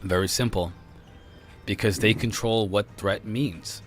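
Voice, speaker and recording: A man's voice: lowish voice, steady tone, a little slow, soft background music. A man hosting a casual podcast, rambling and often restarting his sentences. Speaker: podcast host. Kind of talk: casual conspiracy podcast chat.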